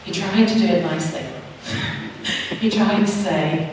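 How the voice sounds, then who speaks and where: A woman's voice: on the low side, unhurried, pauses often, far from the mic, noisy background. Northern Irish woman preaching in an echoey hall. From Northern Ireland. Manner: chatty and self-mocking, acts out both sides of conversations. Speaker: church speaker. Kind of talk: personal testimony sermon. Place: church hall.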